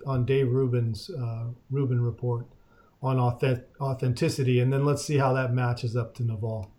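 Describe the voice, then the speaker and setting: A man's voice: mid-range voice, a little mellow. A man hosting a podcast in casual chat, rambling and chatty. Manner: rambling, chatty, many fillers. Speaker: podcast host.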